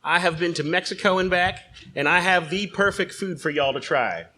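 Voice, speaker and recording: A man voicing a folksy male corn-farm salesman who pitches canned flan like a loud pitchman. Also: normal speed. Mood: salesy, boisterous.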